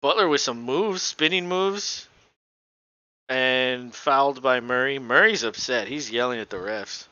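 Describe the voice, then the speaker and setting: A man calls a basketball game live in a casual, offhand way and swears freely. His voice is bright and close. The recording is dry and dull, typical of a lo-fi home mic. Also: mid-range voice, a little slow, no echo. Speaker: podcast co-host. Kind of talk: casual live play-by-play commentary.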